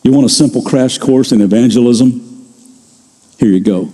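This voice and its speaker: An older man preaching a sermon as pastor, telling stories in a conversational way and slowing down to stress key phrases. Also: medium pitch, mellow, breathy edge, in a large hall. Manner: conversational storytelling, slows for emphasis.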